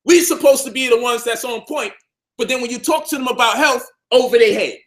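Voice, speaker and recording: Speaking very high, a little fast and with a fairly bright tone, this Brownsville, Brooklyn man gives a combative, emphatic monologue to camera. He addresses health and his conscious community, hammering points home through repetition.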